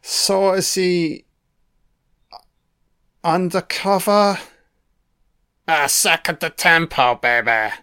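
A man's voice: a little high, expressive, extremely slow, long pauses, sharp tone, clean tone. A man giving a casual, profanity-filled commentary on a film, reacting to scenes as they play. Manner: heavy swearing, chatty reactions.

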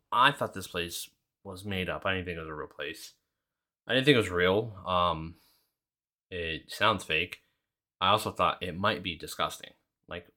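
Young male podcast host, low voice with a bright, pushy edge, casual and sweary. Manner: rambling, heavy swearing, lots of fillers. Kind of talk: casual solo chat.

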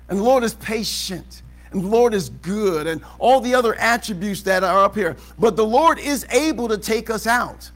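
A man preaching a sermon as pastor in a church auditorium, asking the congregation questions and building to shouts. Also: sits high. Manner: preaching with rising shouts and call-and-response questions. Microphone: live service recording.

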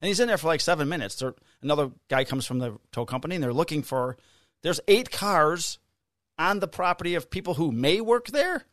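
Swearing, animated man telling a story. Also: a little high, brisk, no echo, studio quality. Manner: animated storyteller, swears freely, acts out quotes in raised voice. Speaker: podcast co-host, police officer. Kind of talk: casual storytelling chat.

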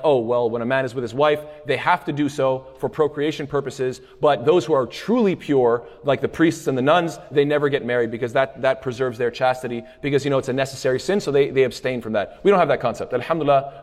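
A man teaching a lecture on hadith, conversational and quick, with frequent restarts and phrases mixed in. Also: medium pitch. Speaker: Islamic studies teacher. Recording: long hall reverb.

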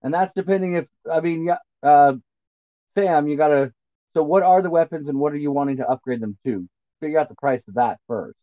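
A man's voice: a little high, brisk, dry recording. A man running a tabletop game as game master, talking in a casual, laid-back way. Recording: muffled phone-like line.

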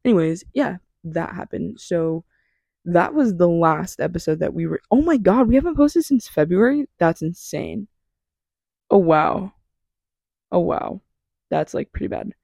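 A woman's voice: lowish voice, lively intonation, moderate pace, creaky, dark tone, no echo. A young woman hosting her own podcast alone from her bedroom, chatting in a scattered, self-deprecating way and swearing casually. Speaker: podcast host. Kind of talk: rambling solo podcast chat. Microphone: small mic.

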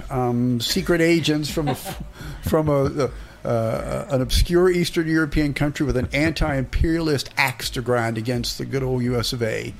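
A man who writes and directs plays, talking as a radio guest in a relaxed, hesitant way with many "um"s. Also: on the high side. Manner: relaxed, hesitant with "um"s and small laughs. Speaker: playwright and theatre director, guest. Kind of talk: casual interview.

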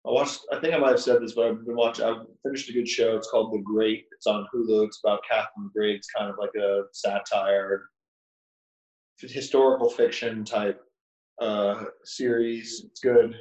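A man's voice: fairly low pitch, flat delivery, normal speed, darkish tone, low-quality recording. A man co-hosting a podcast in casual chat, making dry jokes and wry asides. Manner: dry, joking, adds wry asides and mock voices. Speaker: podcast co-host.

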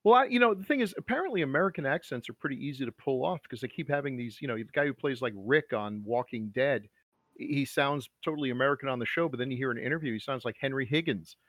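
Fast-talking wry man. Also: mid-range voice, lively intonation, fairly bright tone, dry recording. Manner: quick, wry one-liners. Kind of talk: casual podcast chat.

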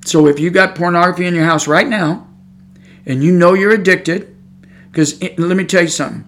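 A man's voice: high-pitched, a little fast, fairly bright tone. A man preaching a sermon on his podcast, talking in a fired-up, conversational way and repeating his points.

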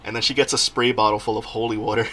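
A young man hosting a casual podcast, telling stories in an animated way and often laughing. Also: fairly low pitch, fast, a crowd in the background. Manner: laughing, animated storytelling with quoted voices. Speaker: podcast host.

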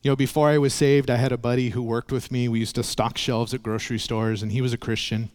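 A man's voice: medium pitch, little pitch movement, fast, darkish tone. A male pastor preaching a sermon, telling stories in an earnest way and acting out the voices in them. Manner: storytelling with acted voices, earnest.

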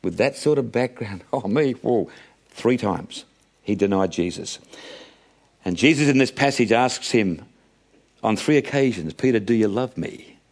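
A man's voice: fairly low pitch, expressive, unhurried, long pauses, breathy edge. A middle-aged man preaching a sermon, calling his listeners friends and acting out the voices of Bible characters.

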